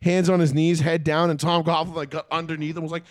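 A man's voice: a little high, fast, dry recording. Profane ranting man, dry mic. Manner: profane, ranting, animated storytelling. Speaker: podcast co-host. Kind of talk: casual sports chat.

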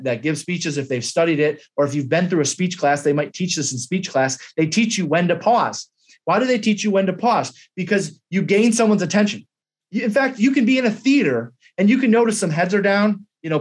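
Guy w a high voice coaching a sales class, emphatic, repeats himself a lot. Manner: emphatic coaching, repeats words, models script lines. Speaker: sales trainer. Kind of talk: training lesson.

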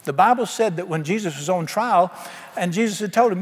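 A man's voice: high voice, fairly quick, breathy edge. A man preaching a sermon emphatically, asking his congregation questions. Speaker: pastor. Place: church sanctuary. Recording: long hall reverb.

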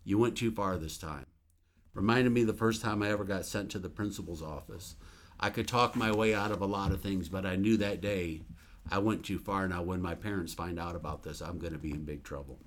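A man's voice: deep voice, brisk. A man who is a minister, sharing a religious testimony in an earnest, emphatic storytelling manner.

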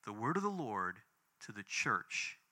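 A man in his fifties preaching a sermon, telling a personal story with big swings between loud and hushed. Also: unhurried. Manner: animated storytelling with big swings in pitch and volume. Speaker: pastor.

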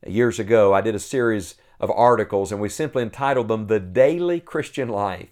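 A man preaching a sermon, earnest and emphatic, slowing down to stress key phrases and reading scripture aloud. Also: lowish voice, darkish tone.

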